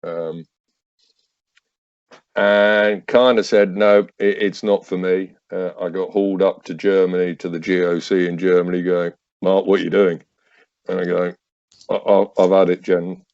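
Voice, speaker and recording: A man's voice: low-pitched, flat delivery, unhurried, a little mellow, no echo, lo-fi sound. A man in his fifties, a podcast guest and army veteran, telling anecdotes with wry, acted-out dialogue and hesitant restarts. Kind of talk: casual anecdotal storytelling.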